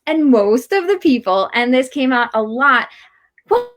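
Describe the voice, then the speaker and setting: A woman's voice: high-pitched, moderate pace. A middle-aged woman, a marriage coach and guest, chatting casually and acting out the voices of people she quotes. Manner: animated, acts out quoted voices. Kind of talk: casual interview chat.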